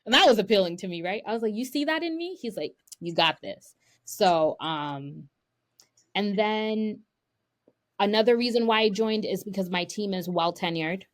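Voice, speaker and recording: A woman's voice: mid-range voice, moderate pace. A young woman, a guest tech sourcer, chatting casually on a podcast and acting out the people in her stories. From United States, of Haitian parents. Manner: animated storyteller, acts out quoted dialogue.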